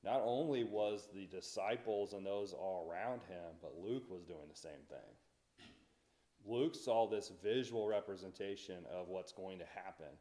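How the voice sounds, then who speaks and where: A man's voice: low voice, measured pace, mellow. A man teaching a Bible study in a church, talking conversationally and asking the class questions.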